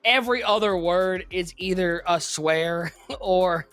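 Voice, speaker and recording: A co-host chatting casually on a live stream, rambling and animated, swinging between excited outbursts and quiet asides. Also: mid-range voice, takes it slowly, no echo.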